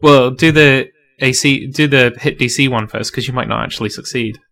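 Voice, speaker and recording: A man's voice: medium pitch, normal speed, vocal fry, bright, forceful tone. A man narrating a tabletop role-playing game as game master, casual and full of fillers, laughing often.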